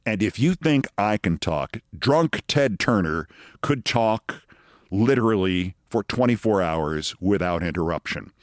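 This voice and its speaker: A low-voiced man in his sixties spins a wry anecdote as a podcast host. His voice is close and dry, with no room sound around it, and he keeps the storytelling monologue rolling. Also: no echo. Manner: wry storyteller, acts out quoted voices in higher pitch.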